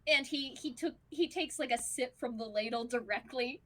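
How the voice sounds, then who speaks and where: A woman narrates a tabletop game as game master, loose and chatty. She pads her lines with fillers and acts out little sounds. Her voice is high and bright. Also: normal speed.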